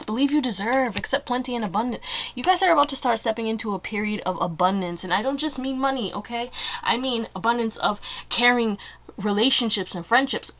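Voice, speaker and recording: A woman's voice: fairly high pitch, a bit bright, slight background noise. Chatty woman giving a tarot reading. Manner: chatty, laughs often, slangy asides. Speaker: tarot reader. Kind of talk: casual pick-a-card tarot reading.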